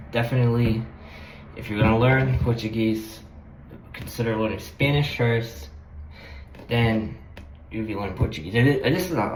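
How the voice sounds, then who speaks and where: A man's voice: fairly low pitch, slight background noise. A man talking about languages in a casual, rambling way, hesitant, with many fillers and restarts. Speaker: language-learning vlogger. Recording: echoey room with faint background ambience.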